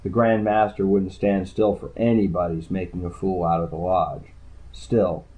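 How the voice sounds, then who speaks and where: A man's voice: low voice, little pitch movement, moderate pace, a little mellow, poor audio. A man narrating a first-person audiobook in a dry, understated way.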